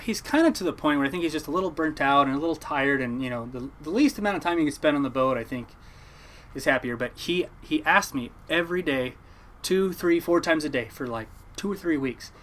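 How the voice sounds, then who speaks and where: He's a young fishing boat captain from Oregon, United States, with a slightly high voice and a fairly quick delivery. Chatting casually, he rambles through an animated story and performs the lines others said.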